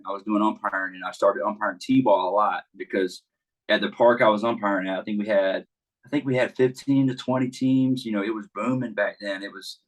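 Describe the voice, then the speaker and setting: A man's voice: fairly low pitch, rough recording. A man who coaches baseball, chatting casually and telling stories in a laid-back way with plenty of fillers. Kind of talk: casual podcast chat.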